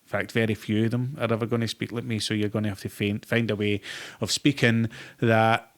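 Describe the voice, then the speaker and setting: A man's voice: fairly low pitch, level tone, a little fast. A middle-aged Glaswegian man in a casual interview, an actor who tells stories full of swearing and acted-out quotes. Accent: Glasgow. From Scotland. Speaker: actor guest.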